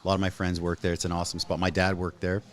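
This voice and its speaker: A Canadian man in his thirties hosting a casual chat, telling stories with animated acted-out quotes. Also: sits low, racing. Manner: animated storyteller, acts out quotes. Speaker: host.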